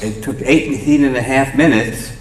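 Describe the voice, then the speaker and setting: An older man with a New York accent telling a halting anecdote from a theater stage, full of fillers and restarts. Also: mid-range voice. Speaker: memorial speaker. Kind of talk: storytelling anecdote at a memorial. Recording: roomy theater sound with faint ambience.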